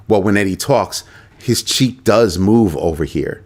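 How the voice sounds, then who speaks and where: Deep-voiced man hosting a casual livestream. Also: a little slow. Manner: animated, talks straight to viewers, repeats phrases. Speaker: host of a crypto livestream.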